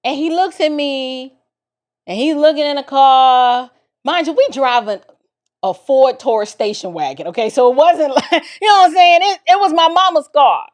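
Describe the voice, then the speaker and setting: A woman from the Bronx telling a personal story in a casual, expressive way, talking straight to her listeners. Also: sits high, normal speed. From the Bronx, New York. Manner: animated and expressive, addresses listeners directly.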